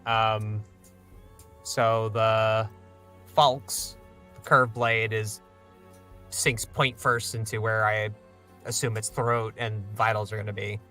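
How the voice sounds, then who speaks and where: A man plays in a tabletop game, chatting casually about his character's moves. His voice is bright and forward, and there is faint music underneath. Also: fairly low pitch, flat delivery, takes it slowly, long pauses. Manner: chatty, laughs easily. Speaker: player.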